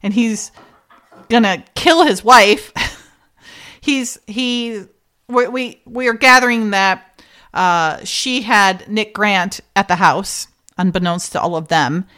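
Chatty woman recapping a show. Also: medium pitch. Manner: animated, acts out characters' lines and laughs often. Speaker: podcast co-host recapping a TV episode. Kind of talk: casual chat.

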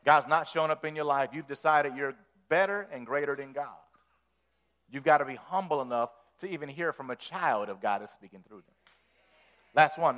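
Animated, folksy male preacher. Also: a little high. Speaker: pastor. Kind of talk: sermon.

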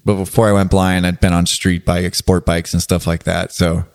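A man who is an adaptive athlete, telling stories in a relaxed podcast chat with frequent laughter. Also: deep voice, normal speed, creaky. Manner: laughing, animated storyteller. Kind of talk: casual storytelling.

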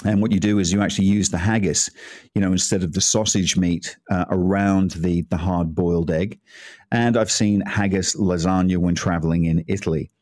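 Here a man from Scotland presents a relaxed cooking segment, rambling into tangents and chuckling as he goes. He speaks low and at an ordinary pace, with fairly even intonation and a slightly mellow quality, captured dry at studio quality.

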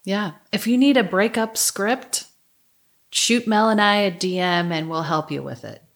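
A woman co-hosting a podcast in a casual chat. She sounds supportive, mostly giving short reactions and quick asides. Her voice is mid-pitched. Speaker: podcast co-host.

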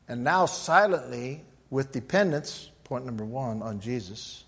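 A man's voice: mid-range voice, animated, normal speed, few pauses, breathy edge. A middle-aged man, a pastor, teaching a sermon and telling a story by acting out both sides of the dialogue.

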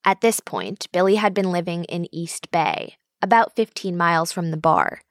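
A woman narrating a documentary in an even, clear way. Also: fairly low pitch, normal speed, dry recording, studio quality.

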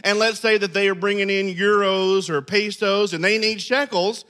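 A man preaching a sermon, animated and acting out scenes in character voices. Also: high-pitched, moderate pace. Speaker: pastor.

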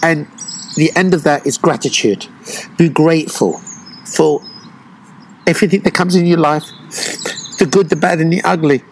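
A man who teaches breathwork retreats, talking slowly and reflectively in an interview, with many pauses and fillers. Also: on the high side, a little hiss or hum, low-quality recording.

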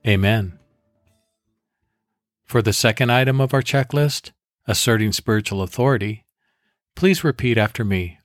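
A man hosting a devotional podcast, giving measured, deliberate instructions for prayer and guided meditation. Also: fairly low pitch, dry recording, clean studio sound.

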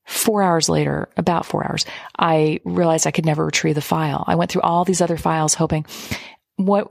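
A woman's voice: lowish voice, fairly even intonation, fairly quick, gravelly, no echo, studio quality. A middle-aged woman hosting a podcast, telling a personal story in a chatty, emotional way and laughing often. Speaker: podcast host. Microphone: remote recording.

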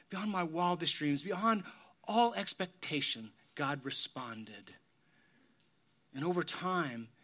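Middle-aged guy preaching slow and heartfelt, kinda high voice, goes quiet and whispery sometimes. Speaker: pastor. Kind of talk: sermon.

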